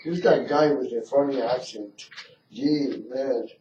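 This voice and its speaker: Slow, rambling male radio host. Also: mid-range voice, warm tone, a little hiss or hum. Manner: rambling, halting, full of filler pauses. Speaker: radio talk show host. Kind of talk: casual radio talk. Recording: roomy lo-fi radio studio mic from a distance.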